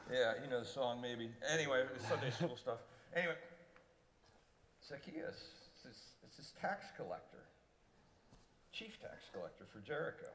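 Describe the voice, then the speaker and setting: A man preaching a sermon as an animated storyteller who acts out quotes, at a church service held in a theatre. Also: mid-range voice, unhurried, pauses often, slight background noise. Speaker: pastor. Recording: long reverb in a large theatre.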